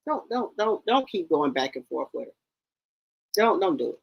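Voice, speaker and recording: A woman's voice: lowish voice, very animated, normal speed, vocal fry, breathy edge, muffled recording. Woman host ranting about a clip, scolding and mocking, voice swings up and down a lot. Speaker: commentary channel host. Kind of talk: reaction commentary.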